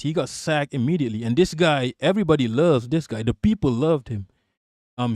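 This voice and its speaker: Male stream host from Malaysia, profane and jokey, slightly high voice, dry sound. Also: darkish tone, dry recording. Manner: profane, joking, reads chat aloud. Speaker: livestream host. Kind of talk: casual political rant on a livestream.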